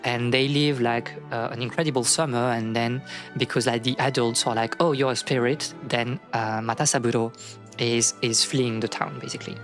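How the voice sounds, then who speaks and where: A streamer retelling a folk tale in a loose, rambling way, full of fillers and restarts. The voice sits at a middling pitch, with faint music behind. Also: fairly even intonation, normal speed, fairly bright tone. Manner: rambling, many fillers and restarts, acts out quotes.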